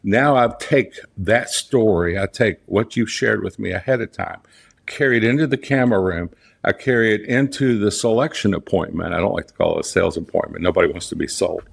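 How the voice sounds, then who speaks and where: A man's voice: lowish voice, a little fast, gravelly, slightly rough. A middle-aged man with a Southern US accent, a portrait photographer and studio owner, speaking as an interview guest in his studio. He talks earnestly and with emphasis, often restarting and repeating his key phrases. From Southern United States. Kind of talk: conversational interview storytelling.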